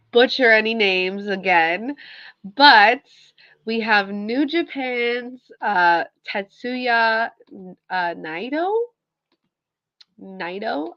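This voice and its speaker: A woman hosting a casual news update, chatty and relaxed, with lots of fillers and small laughs. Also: mid-range voice, no echo. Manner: chatty, filler-heavy, with self-aware laughs. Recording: dull lo-fi dry audio.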